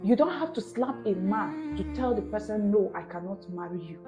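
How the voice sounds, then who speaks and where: A woman's voice: medium pitch, expressive, normal speed, over music. A young adult woman giving an emphatic, repetitive self-help talk in a preacher-like manner. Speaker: motivational vlogger.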